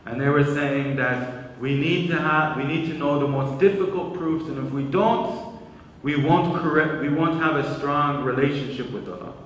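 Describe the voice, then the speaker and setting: Male lecturer, measured explanatory delivery, mic far off in a reverberant hall. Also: a little high, a bit bright, slight background noise. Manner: measured, explanatory, repeats words when restarting. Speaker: Islamic lecturer. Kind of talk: religious lecture.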